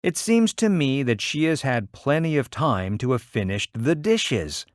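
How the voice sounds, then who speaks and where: A man's voice: medium pitch, very animated, a little slow, no room sound, clean studio sound, pitched above the performer's own voice. A man reading aloud, voicing an anxious middle-aged mother who complains and reproaches. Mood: fretful. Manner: querulous, reproachful.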